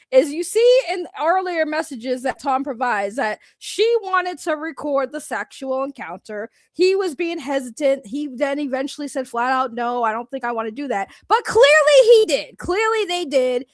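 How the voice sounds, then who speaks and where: A woman giving casual reaction commentary, animated and blunt, laughing often with slangy talk. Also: high voice, dry recording, studio quality. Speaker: reaction streamer.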